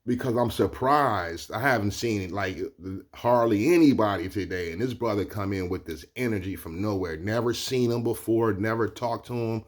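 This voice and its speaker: A man's voice: fairly low pitch, moderate pace, few pauses. A man casually telling a personal story, loose and conversational, with constant check-ins to the listener. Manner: loose and conversational, keeps asking "you know what I'm saying". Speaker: vlogger.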